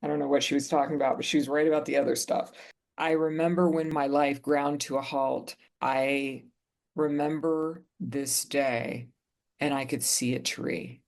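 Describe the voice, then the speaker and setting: A podcast co-host with a gravelly, creaky texture tells a personal story in earnest, easy conversation. The delivery slows down at reflective moments, and the pitch sits in the middle of the range. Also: little pitch movement.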